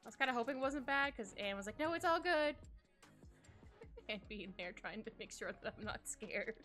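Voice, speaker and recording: A woman's voice: mid-range voice, moderate pace. A woman livestreaming at home, chatting casually while she draws, rambling and giggling through her stories. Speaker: livestreaming artist. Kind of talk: casual chat while drawing. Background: soft background music.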